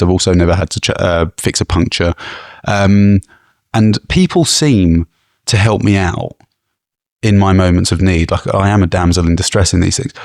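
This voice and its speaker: A man with a lowish voice rambles through casual podcast chat, poking fun at himself between ums and restarts. The sound is close and dry, with no room around it. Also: darkish tone, no echo. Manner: self-deprecating, rambling with fillers. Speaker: podcast co-host.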